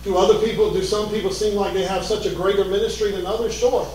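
Fervent shouting preacher, high and echoing. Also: male voice, steady tone, fast, a little hiss or hum. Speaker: pastor. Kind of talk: sermon. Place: church sanctuary. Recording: echoey church hall from a distance.

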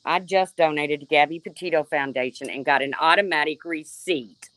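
A woman's voice: deep voice, normal speed, a bit bright, dry recording. A woman hosting a livestream, sarcastically calling out a rival and answering her chat by name. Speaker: livestream host. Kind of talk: confrontational livestream rant.

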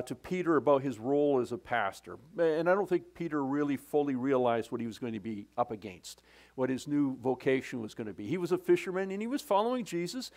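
Halting, conversational preacher. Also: male voice, on the high side. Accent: Canadian English. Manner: halting, many restarts and repeated words; conversational preaching with asides to the congregation. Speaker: pastor. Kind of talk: sermon. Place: church sanctuary.

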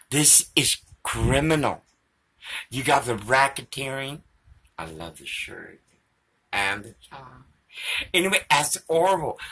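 A man's voice: mid-range voice, pushed and bright, breathy edge. A man vlogging to a phone camera in a rambling, profane monologue that drifts between topics.

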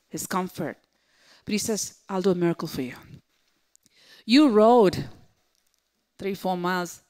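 A woman pastor preaching a sermon, swinging between loud exclamations and hushed, whispered asides. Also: on the high side.

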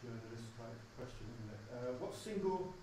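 A man asks interview questions in a classroom, hesitant and full of pauses. He sounds far from the mic in a very echoey room, with clear background noise around him. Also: mid-range voice, expressive. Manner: hesitant, many filler pauses. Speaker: lecturer and interviewer. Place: classroom with students.

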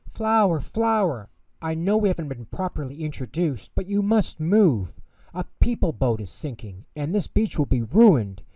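A man's voice: medium pitch, very animated, a little slow, few pauses, warm tone, dry recording, far from the mic. A man voicing a small, eager young male penguin in a storybook, talking urgently and pleadingly.

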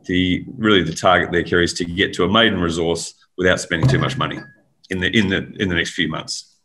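A low-pitched man pitching his company to investors at a brisk clip. He talks energetically, stumbles and restarts with plenty of ums, and his voice sounds a little worn. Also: steady tone, pushed and bright, a little hiss or hum. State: voice getting tired. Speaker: company managing director. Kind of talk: investor presentation in an interview.

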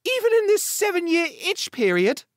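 A snobbish, meddling elderly mother with a British accent, high and swooping in her prim, cutting remarks, as a male narrator puts her on. The audiobook voice is close and dry. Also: huge pitch swings, moderate pace, dry recording, heavily acted.

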